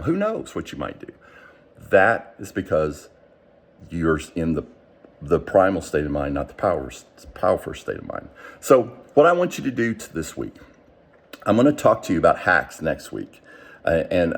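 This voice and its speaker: A deep, slightly husky male voice. He teaches like a mindset coach, earnest and explanatory, and he often breaks off and restarts his sentences as he works through an idea. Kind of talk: motivational teaching talk.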